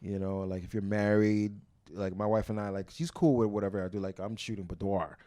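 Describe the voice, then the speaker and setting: A man's voice: lowish voice, fairly even intonation, brisk, mellow, no room sound, clean studio sound. A middle-aged man from Brooklyn, a comedian chatting as a podcast guest in a laid-back, joking way with short answers. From Brooklyn, New York. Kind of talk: casual conversation.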